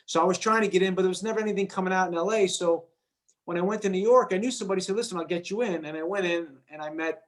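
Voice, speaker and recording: Man telling a story with quick restarts. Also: high voice. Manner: lively anecdote-telling, acts out quoted voices, repeats words. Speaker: actor guest. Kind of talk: animated storytelling.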